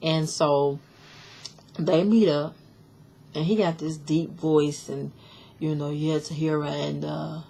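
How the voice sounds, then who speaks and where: Low-voiced woman giving a chatty recap. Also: fairly even intonation, slow, vocal fry, pauses often, warm tone, a little hiss or hum. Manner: chatty, opinionated, many fillers and restarts; blunt, sassy commentary. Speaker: show recap vlogger. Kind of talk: casual reality-show recap.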